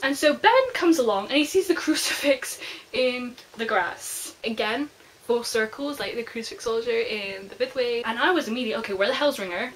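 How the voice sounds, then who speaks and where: Young woman, bookish vlogger; slightly high voice, gushy, "like"-heavy chatter, faint hiss underneath. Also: brisk, a bit bright, poor audio. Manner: chatty, gushing fan, lots of "like". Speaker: book reviewer. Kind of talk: casual spoiler book review.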